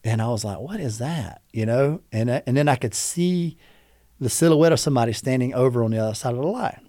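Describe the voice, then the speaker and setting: A man's voice: mid-range voice, fast, dark tone, no echo, clean studio sound. A man guest on a podcast, telling an emotional personal story in an earnest way and acting out the voices of the people he quotes.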